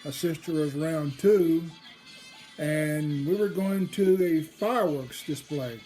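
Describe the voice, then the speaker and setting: A woman telling a family story in a rambling, casual way, getting loud and excited as it builds. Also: deep voice, takes it slowly. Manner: rambling, restarts, grows loud and excited in the retelling. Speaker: storyteller host. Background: faint background music.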